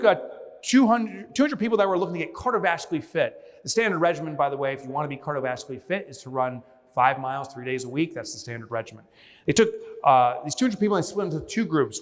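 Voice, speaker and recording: A man giving a motivational business keynote on a conference stage, telling stories with energy and acting out scenes. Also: on the high side. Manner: energetic storyteller, mimics and shouts when acting out scenes. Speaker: keynote speaker. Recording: long hall reverb.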